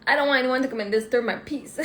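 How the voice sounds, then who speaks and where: A woman with a Québécois French accent, talking through a live podcast monologue, animated, laughing often and swearing freely. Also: high-pitched, fast. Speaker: life coach podcast host. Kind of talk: live-streamed personal monologue. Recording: echoey room with faint ambient noise.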